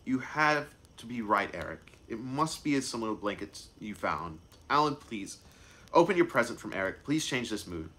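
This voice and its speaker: A man voicing a grieving, gentle mother in a storybook read-aloud, speaking softly and slowly with sighs. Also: mid-range voice, big pitch swings. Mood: tearful. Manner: slow, sighing, tearful lines. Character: grieving gentle mother, soft-spoken, tired.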